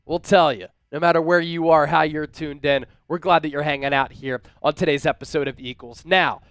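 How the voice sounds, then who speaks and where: A man hosting a live-stream sports talk show from a studio, energetic and hyping up his viewers. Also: on the high side, fairly quick, smooth, no room sound. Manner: energetic, hypes up viewers with shout-outs.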